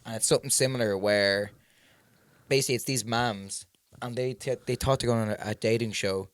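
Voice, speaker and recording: Joking young podcast co-host. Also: male voice, mid-range voice, steady tone, a little fast, no room sound, studio quality. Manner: laughing, joking banter with loose slang. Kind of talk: casual chat. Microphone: podcast microphone.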